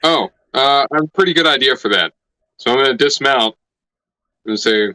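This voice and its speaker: A man's voice: medium pitch, moderate pace, pauses often, bright, forceful tone, no echo, poor audio. A man playing his character in a tabletop game, joking and brash, swearing casually. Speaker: player.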